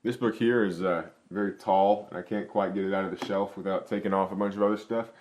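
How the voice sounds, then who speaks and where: A man's voice: low voice, steady tone, fast, darkish tone, slight background noise. A young man hosting a vlog, chatting enthusiastically and casually with frequent restarts and fillers. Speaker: vlog host. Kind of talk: casual book review chat.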